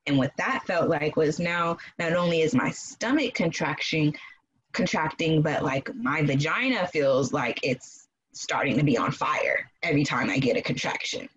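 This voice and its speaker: A woman casually telling a personal story in an animated way, acting out quoted voices and laughing often. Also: deep voice, moderate pace, lo-fi sound, slight background noise. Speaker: guest telling her birth story.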